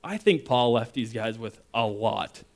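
A man preaching in a relaxed, conversational way. He tells stories and slips into other people's voices, getting louder and higher for the quoted lines and dropping soft for the earnest ones. His voice sits at an ordinary middle pitch. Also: unhurried, gravelly. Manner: casual, animated storytelling with acted-out quotes. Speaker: guest speaker. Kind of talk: sermon.

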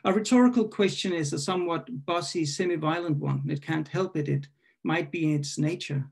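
A man reading his own poem at an online poetry event. He hesitates and corrects himself while introducing it, then reads in a measured, questioning way. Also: a little high, creaky, husky. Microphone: video call.

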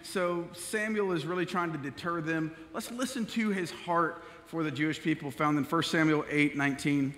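A man preaching a sermon from a church pulpit, mixing casual asides with scripture reading, and building to loud, emphatic passages. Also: a little high, normal speed, hardly any pauses, big-room sound. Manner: prays softly, then preaches with rising force. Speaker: pastor. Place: church sanctuary.

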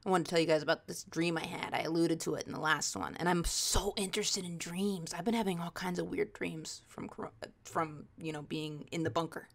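Animated woman telling comic stories. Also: brisk, gravelly, few pauses. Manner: rambling, animated, jumps into high-pitched quoted voices. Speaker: comedian and podcast host. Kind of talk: casual comedic storytelling. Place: home, video call.

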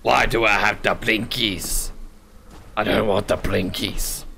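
Slow and steady, the low-ish voice of an Australian gaming host has vocal fry and a sharp edge, over slight background noise. He's playing a horror game, jumpy and swearing frequently as he jokes to himself.

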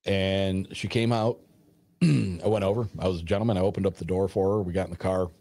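A man casually retelling a personal story in a rambling, animated way, acting out the dialogue as he goes. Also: deep voice, a little fast, no echo, studio quality. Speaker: storyteller guest.

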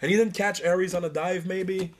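A man telling animated stories in a casual interview, acting out other people and laughing as he goes. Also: high-pitched, fairly quick. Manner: animated, acts out voices and laughs through stories.

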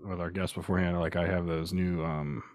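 A man co-hosting a casual podcast, laid-back and quick to laugh, swearing casually as he chats. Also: sits low, flat delivery, dry recording, clean studio sound. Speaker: podcast co-host.

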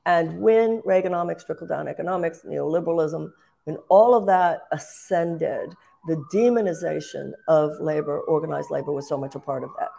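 An older woman talking politics with passion and force. Her low voice has a gravelly, fry-edged grain. She keeps restarting phrases and lifting into emphatic bursts. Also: moderate pace, dark tone. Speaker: guest, political candidate. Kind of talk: impassioned political commentary.

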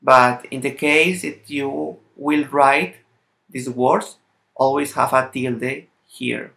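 A man with a Latin American Spanish accent, a native Spanish speaker, gives a language lesson in somewhat halting English and carefully sounds out example words one by one. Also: medium pitch, fairly even intonation, vocal fry, a bit bright. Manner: slightly halting non-native English phrasing. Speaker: language teacher.

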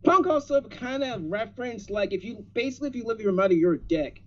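A man's voice: very high-pitched, fast talker, highs cut off. A man co-hosting a wrestling podcast, joking and mocking in casual chat. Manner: jokey, lively, mocking asides. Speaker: podcast co-host.

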